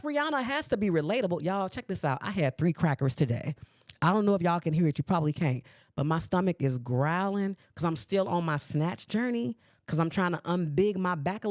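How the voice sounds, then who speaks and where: A woman in her forties hosting a podcast, ranting at her listeners in a sassy, animated way. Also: lowish voice, no echo, studio quality. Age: 40s. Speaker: podcast host. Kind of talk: solo podcast commentary. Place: podcast recording space.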